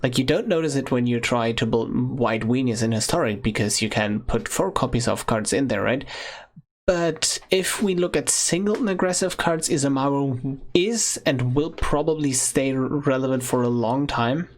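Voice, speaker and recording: A man's voice: mid-range voice, normal speed. Chatty man giving a card game guide. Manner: chatty, often ends points with "right?". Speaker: gaming video creator.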